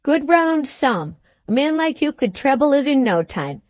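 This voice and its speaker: A woman's voice: high voice, very animated, unhurried, darkish tone, pitched above the performer's own voice. A woman voicing a fussy, ingratiating little male attorney who wheedles and bargains in a storybook reading. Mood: coaxing. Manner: wheedling, keeps saying "my dear sir".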